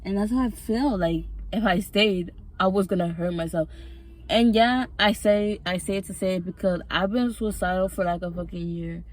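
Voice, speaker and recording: A woman vlogger with a mid-range voice tells a personal story at a moderate pace in a casual vlog. She rambles, swears freely, and gets emotional as the tale unfolds.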